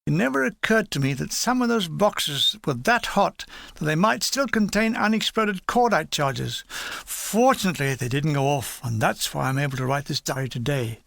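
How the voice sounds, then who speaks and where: A man's voice: fairly high pitch, animated, normal speed, vocal fry, fairly bright tone, no echo. An older man reading his own wartime memoir aloud in a dry, wry, matter-of-fact way.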